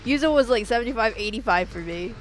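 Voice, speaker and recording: Woman gamer, higher-pitched, excitable, curses and shouts often, casual commentary style. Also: quick pace, soft background music. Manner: excitable, swears, bursts into yells. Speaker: streamer.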